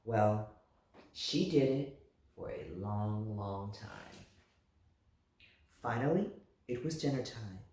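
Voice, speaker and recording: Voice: mid-range voice, slow pace, pauses often, distant mic, slight background noise. A reader telling a picture book aloud in a playful, chatty way, then signing off to listeners. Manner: animated, playful, chatty sign-off. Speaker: storybook reader. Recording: very echoey room, voice from afar.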